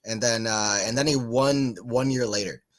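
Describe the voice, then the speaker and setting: A man's voice: mid-range voice, moderate pace. A man giving casual live tennis commentary for a watchalong stream, just woken up, rambling into chatty asides between calls of the points. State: just woke up.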